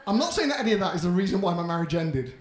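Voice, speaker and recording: Animated brash comedian. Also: male voice, high-pitched, racing. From Britain. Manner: brash, swearing, animated storytelling. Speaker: stand-up comedian. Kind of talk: stand-up comedy routine. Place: comedy club stage, indoors. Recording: roomy club echo.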